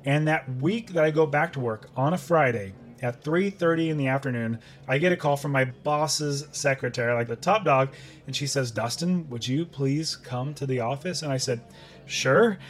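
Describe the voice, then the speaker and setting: A man's voice: fairly high pitch, fairly quick, faint music behind. A middle-aged man, a podcast guest, telling a personal story in conversation and acting out his own past thoughts.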